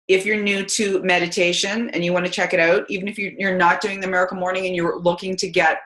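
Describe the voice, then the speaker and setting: A chatty, energetic woman, giving a casual motivational talk to her team. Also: lowish voice, fast. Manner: chatty and energetic, many fillers. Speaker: team call speaker. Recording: roomy echo.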